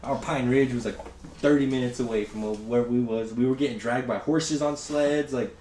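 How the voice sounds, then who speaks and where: A man's voice: mid-range voice, fairly even intonation, normal speed. Young male podcast host, rambling profane storyteller, roomy echo, faint hiss. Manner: rambling, profane, acts out quotes loudly. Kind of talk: casual storytelling chat. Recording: echoey room with faint noise.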